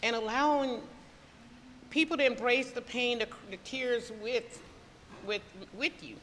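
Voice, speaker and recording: A woman's voice: on the high side, measured pace, a bit bright, big-room sound, a little hiss or hum. A woman giving an earnest, emotional devotional talk in a casual, preacherly way, often asking her listeners questions. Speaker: devotional speaker.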